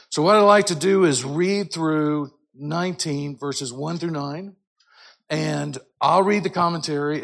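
Man, church class teacher, slightly higher voice, chatty, asks "right?" often, reads scripture loud and slow. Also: gravelly. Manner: conversational, tag questions, reads scripture aloud loudly with drawn-out emphasis. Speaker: Sunday school teacher.

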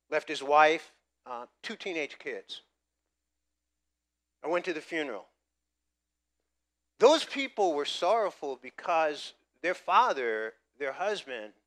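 Bright-voiced man preaching a story. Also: fairly high pitch. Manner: storytelling, builds from quiet to loud emphatic preaching. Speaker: pastor. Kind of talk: sermon with personal story.

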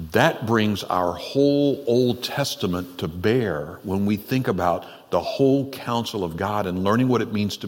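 Pastor, man, lowish voice, chatty animated preaching style, echoing sanctuary reverb. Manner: conversational, animated, laughs often. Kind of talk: sermon. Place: church sanctuary. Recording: long reverb in a church hall.

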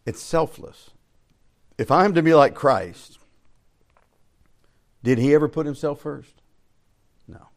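An older man teaching a Bible study as pastor, preaching in a folksy storytelling way that swings between loud emphasis and quiet asides. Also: fairly high pitch, slow pace, pauses often.

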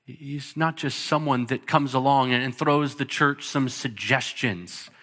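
A man's voice: mid-range voice, unhurried, pushed and bright. A man in his thirties preaching a sermon as pastor, earnest and emphatic, with short punchy repeated lines. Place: church sanctuary. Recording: long reverb of a large hall.

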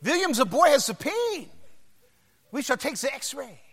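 A preacher voicing a gruff old male country doctor with a thick German accent, speaking in stiff, formal exclamations. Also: very high-pitched, very animated, a little slow, a bit bright, pitched above the performer's own voice, heavily acted. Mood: stern.

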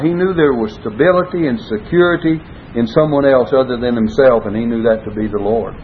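A man preaching a Bible study sermon, earnestly stressing key words and quoting scripture in old-style wording. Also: a little fast. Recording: phone-like lo-fi recording with faint rumble.

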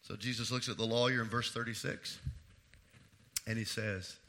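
A man pastor preaching a sermon, swinging between loud emphatic declarations and hushed, low asides. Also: steady tone, normal speed, slight background noise.

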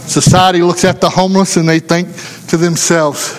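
A man's voice: sits high, level tone, normal speed, in a large hall. A man preaching a sermon, telling a folksy story and acting out the voices of the people in it. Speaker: pastor.

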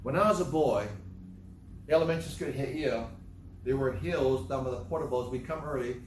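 A man's voice: medium pitch, normal speed. A man giving a moralizing talk, telling stories in a repetitive, emphatic way with sarcastic asides. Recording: roomy, distant mic with faint noise.

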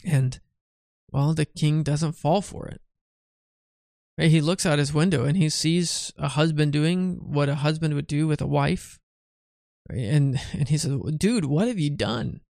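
Tired gravelly-voiced man teaching the Bible. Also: a little high, steady tone, measured pace, pauses often, darkish tone, no room sound, clean studio sound. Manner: chatty, asks "right?" often, restarts phrases. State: tired and yawning. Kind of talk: conversational Bible study teaching.

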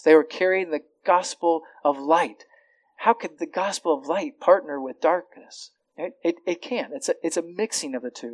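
A man's voice: fairly high pitch, no echo, poor audio. A man preaching a sermon as a pastor, earnest, often repeating words as he starts a phrase.

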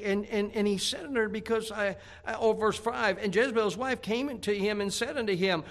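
Man preaching, bright forceful voice, somewhat high, acts out the story. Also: moderate pace. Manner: animated storytelling preaching, acting out scripture characters. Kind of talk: sermon.

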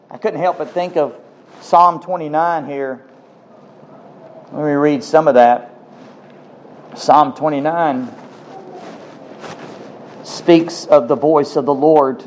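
A man's voice: on the high side, fairly even intonation, slow pace, pauses often. A man preaching a fervent sermon, reading scripture aloud and repeating phrases for emphasis. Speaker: pastor.

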